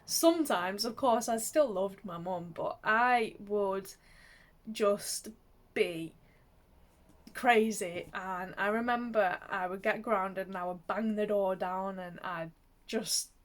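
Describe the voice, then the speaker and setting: Slow, gentle woman. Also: mid-range voice. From England, Manchester. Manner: gentle, reflective, laughs softly between thoughts. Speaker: vlogger. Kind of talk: reflective personal vlog.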